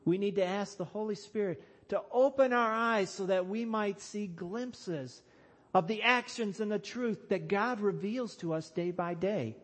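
A man preaching a sermon to his church, slow and emphatic, rising to loud calls on key lines. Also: high-pitched. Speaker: pastor.

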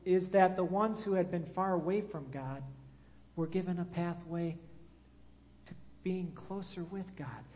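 A man's voice: sits high, a little slow, darkish tone, lo-fi sound. A man preaching a sermon and drawing his congregation into call-and-response. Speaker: pastor. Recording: long hall reverb.

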